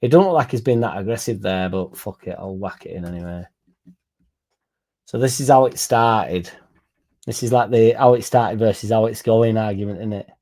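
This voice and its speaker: This young football fan streamer has a fairly low, mellow voice and talks at a moderate pace. He rambles through a profanity-laced story for his livestream audience, keeping it casual and blunt.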